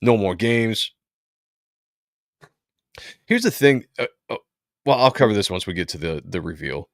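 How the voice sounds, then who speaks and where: A man hosting a casual comic book livestream, chatting in a relaxed way and reading comic lines aloud. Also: lowish voice, a little slow, no echo, clean studio sound. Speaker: host.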